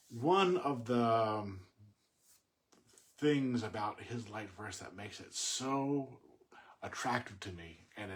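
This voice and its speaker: Thoughtful man talking about poetry, lowish voice. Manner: thoughtful, halting, with many fillers and restarts. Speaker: poet discussing a poem. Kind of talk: casual spoken commentary on poetry.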